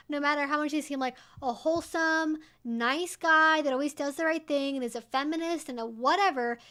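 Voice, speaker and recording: A young woman hosts a casual home livestream, speaking into a desk microphone. Her voice sits high and she talks emphatically, slipping into doting baby talk. The tone is chatty and unscripted. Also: pushed and bright. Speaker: streamer host.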